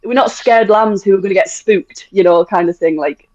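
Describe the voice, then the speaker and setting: A woman's voice: medium pitch, normal speed, a little mellow, dry recording. A British woman chatting bluntly as a podcast guest, swearing freely and laughing often. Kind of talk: casual podcast chat. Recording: dull, muffled audio.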